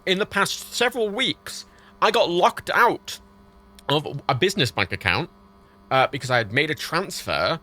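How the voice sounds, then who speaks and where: A young man chatting on a livestream while gaming, telling an exasperated story with lots of swearing. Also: fairly high pitch. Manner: animated, exasperated ranting with swearing. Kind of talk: casual stream chat while gaming.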